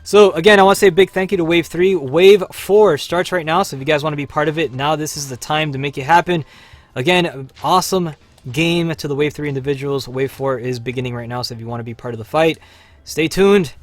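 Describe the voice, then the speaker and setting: A man's voice: a little high, a little fast, no room sound. A man hosting a casual gaming livestream, chatting upbeat with viewers while he plays. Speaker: livestream host.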